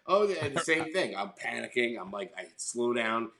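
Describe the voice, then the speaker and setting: A man's voice: mid-range voice, expressive, moderate pace, gravelly, sharp tone. A middle-aged man from New York chatting casually as a podcast co-host, telling a rambling story, swearing freely and acting out voices. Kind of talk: casual chat. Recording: echoey room.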